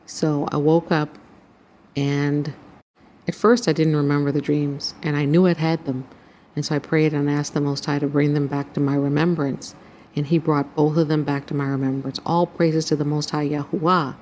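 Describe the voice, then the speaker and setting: Low-voiced woman telling her dream. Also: level tone, moderate pace, a little mellow, slight background noise. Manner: earnest storytelling, acts out quoted voices. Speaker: channel host recounting a dream. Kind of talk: personal spiritual testimony.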